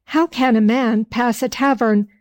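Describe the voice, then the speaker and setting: A woman voicing a poor, simple, lazy peasant man in slow archaic speech. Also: on the high side, steady tone, darkish tone, natural voice. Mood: plain.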